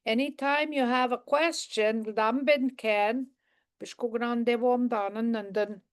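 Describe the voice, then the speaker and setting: A woman teaching a live language lesson, patiently repeating each phrase and gently correcting pronunciation. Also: a little high, steady tone, measured pace, smooth.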